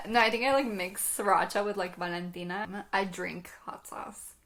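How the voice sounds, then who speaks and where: A woman's voice: medium pitch, normal speed, a bit bright. A young woman co-hosting a podcast in casual chat, bubbly, laughing often and swearing freely into a podcast mic. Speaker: podcast co-host. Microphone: podcast microphone.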